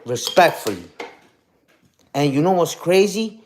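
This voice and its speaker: A man's voice: on the high side, big pitch swings, unhurried, darkish tone. A young man ranting on a casual livestream, profane and combative, ending lines with "you heard?". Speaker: streamer.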